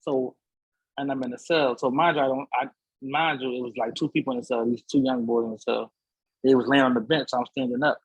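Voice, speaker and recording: Podcast guest, man, husky voice, slangy animated storyteller, dry close mic. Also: mid-range voice, a little fast, no echo, low-quality recording. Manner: slangy, repeats "so I'm like", acts out voices. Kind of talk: animated storytelling in casual conversation. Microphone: studio podcast mic.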